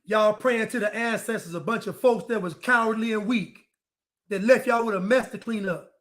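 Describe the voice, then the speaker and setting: A man's voice: high-pitched, moderate pace, a bit bright. A man delivering a defiant ranting monologue to camera, repeating his phrases over and over.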